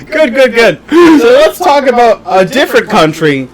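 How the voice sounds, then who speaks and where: A man's voice: extremely high pitch, very animated, moderate pace, crowd noise. A man co-hosting a comedy podcast, chatting casually in a rambling, irreverent way and laughing often. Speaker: podcast co-host.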